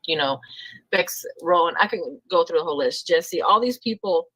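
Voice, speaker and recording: Woman guest, casual and lively, bright voice, dry close sound. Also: lowish voice, normal speed, no echo, poor audio. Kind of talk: casual chat on a live stream.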